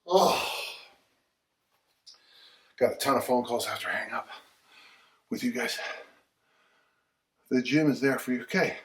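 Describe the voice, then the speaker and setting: A man's voice: medium pitch, normal speed, long pauses, fairly bright tone. A man who is a strength coach, chatting casually and rambling between sets of kettlebell swings during a livestream, chuckling often as he talks. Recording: roomy sound from a distant mic.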